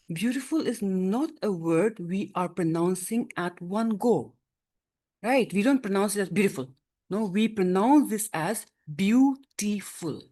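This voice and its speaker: A woman's voice: mid-range voice, mellow. A woman teaching a grammar lesson in class, explaining patiently and often checking that students follow. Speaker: English teacher.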